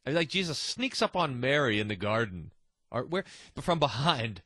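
A man's voice: mid-range voice, sing-song, normal speed, sharp tone, dry recording, clean studio sound. A man hosting a devotional podcast, talking earnestly and animatedly, often restarting his sentences. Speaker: podcast host.

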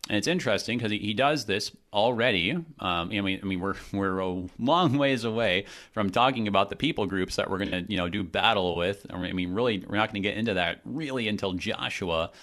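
A man co-hosting a Bible discussion, talking casually and acting out the people in the text with lively quoted voices. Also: lowish voice, fairly quick, few pauses. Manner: animated, acts out quotes, many restarts. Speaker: Bible study podcast co-host. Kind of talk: conversational Bible teaching.

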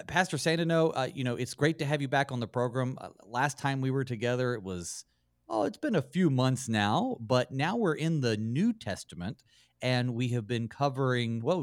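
A man's voice: mid-range voice, very animated, moderate pace, dry recording, clean studio sound. A man, a pastor, hosting a radio Bible study show and chatting with fillers and restarts.

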